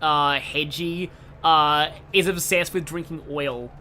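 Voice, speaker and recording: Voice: medium pitch, steady tone, slow pace, pushed and bright, a little hiss or hum. A young adult in their twenties with an Australian accent, chatting enthusiastically through casual game stream commentary, often restarting sentences. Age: 20s.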